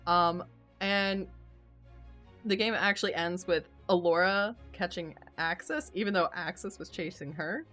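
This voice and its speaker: A woman's voice: lowish voice, a little slow, a bit bright, faint music behind. A woman author hosting a casual live-stream book chat, chatty and laughing often, with casual swearing. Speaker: author and host.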